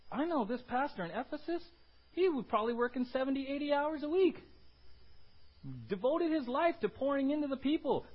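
A male pastor preaching a sermon, animated, swinging between loud emphasis and quiet low asides. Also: husky, highs cut off.

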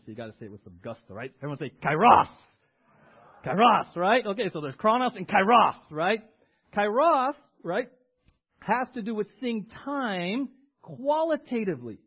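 A man preaching with a high, bright-pitched voice, swinging between loud emphatic words and quieter asides. He keeps calling on the congregation to repeat key words back to him. The recording sounds dull and lo-fi, like an old church sermon tape. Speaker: pastor.

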